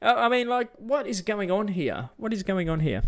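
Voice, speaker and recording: A man's voice: big pitch swings, moderate pace. Blunt, ranting Australian man. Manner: blunt, ranting, mocks others in high put-on voices. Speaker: vlogger. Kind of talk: casual opinion rant.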